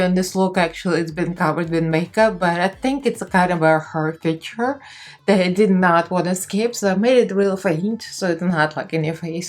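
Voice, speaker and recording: A young woman with a Russian accent chatting casually through a makeup tutorial, laughing often and talking in loose, easy phrases. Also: lowish voice. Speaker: makeup vlogger.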